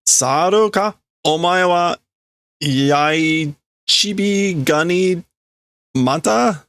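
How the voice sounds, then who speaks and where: Brief: loud, high, barking angry tough guy, put on by a man reading aloud, gravelly edge. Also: drawn-out words, no room sound, heavily acted. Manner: barking, insulting commands.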